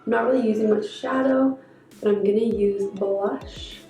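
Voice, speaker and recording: A young woman with a hoarse voice from a cold, chatting casually through a makeup tutorial step by step. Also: medium pitch, steady tone, moderate pace, dark tone. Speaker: beauty vlogger. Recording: echoey room, faint background music.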